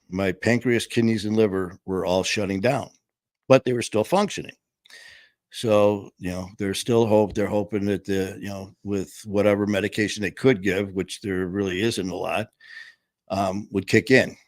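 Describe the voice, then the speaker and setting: A man's voice: on the low side, no room sound. A middle-aged man candidly telling his own story in plain, casual words, swearing now and then. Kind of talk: personal storytelling.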